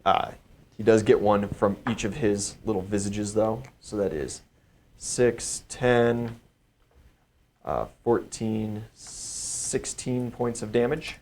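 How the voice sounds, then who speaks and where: Low-voiced male game master. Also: slow, darkish tone, slight background noise. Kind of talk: narrating a tabletop game.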